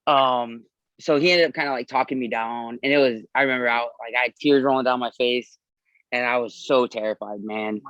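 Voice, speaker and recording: A man's voice: mid-range voice, steady tone, fairly quick, a bit bright, no room sound, highs cut off. A man in his thirties, an army veteran, candidly telling his own story in a podcast interview and swearing freely.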